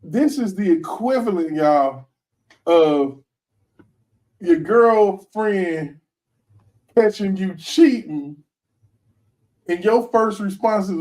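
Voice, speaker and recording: A man hosts a loose commentary chat, slangy and emphatic, breaking into laughter often. His voice sits a little high, and he sounds somewhat distant from the mic. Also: animated, slow, long pauses, darkish tone. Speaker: host.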